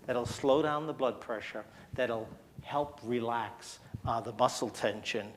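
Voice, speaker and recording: His medium-pitched voice is a little slow, and there's slight background noise. Presenting at a church hall health seminar, the man breaks a breathing technique into steps, demonstrates it, urges the audience to take part, and checks in with a frequent "okay?"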